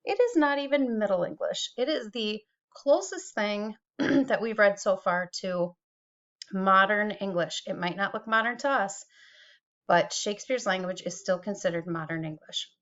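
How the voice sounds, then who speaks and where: A woman's voice: mid-range voice, moderate pace, fairly bright tone. Chatty teacher woman, dull lo-fi screen recording. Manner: chatty, self-deprecating, with small laughs. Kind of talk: recorded screen-share tutorial.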